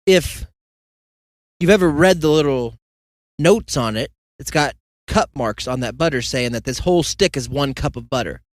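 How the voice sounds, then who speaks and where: Young male host, casual monologue, rambling and jokey, dry close sound, mid pitch. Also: animated, moderate pace, dry recording. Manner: rambling storyteller, joking asides and mock quotes. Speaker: podcast host.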